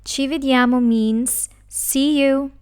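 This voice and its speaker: A woman teaching a language lesson who speaks slowly and carefully, breaking words into syllables. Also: sits high, fairly even intonation, darkish tone. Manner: slow, careful, spells out syllables. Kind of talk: slow scripted lesson.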